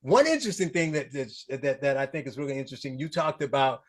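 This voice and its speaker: A man hosting a podcast, animated and joking as he questions his guest. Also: mid-range voice. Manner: animated, joking, quick to laugh. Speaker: podcast host. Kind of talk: casual interview conversation.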